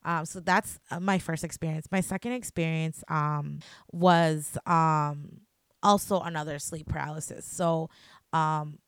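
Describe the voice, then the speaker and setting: A woman's voice: deep voice, unhurried, clean tone, dry recording, studio quality. A young woman casually telling her own scary story as a podcast host, chatty, full of fillers, with some swearing. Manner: animated, chatty, lots of "like" fillers.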